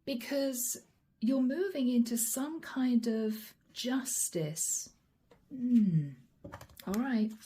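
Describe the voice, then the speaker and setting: A woman giving a channeled tarot reading straight to her viewers, chatty and friendly, slowing down to name each card. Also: on the high side, dark tone. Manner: chatty, addresses viewers directly, slows to name cards. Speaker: tarot reader.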